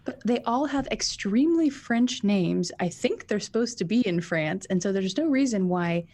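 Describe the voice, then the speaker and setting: A woman co-hosting a podcast, chatting casually in quick bursts with giggles and restarts. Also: mid-range voice, expressive, a little mellow. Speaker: podcast co-host. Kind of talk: casual chat.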